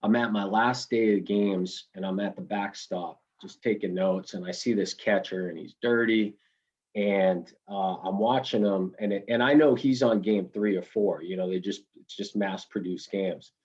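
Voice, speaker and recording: A middle-aged man with a husky, lowish voice spins coaching stories in a long interview. He circles back, restarts sentences and tags them with "right?" The sound is dull and lo-fi, like a remote call. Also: moderate pace, a little mellow. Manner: storytelling, rambling with restarts and tag questions. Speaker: college baseball head coach, guest. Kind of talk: conversational interview storytelling.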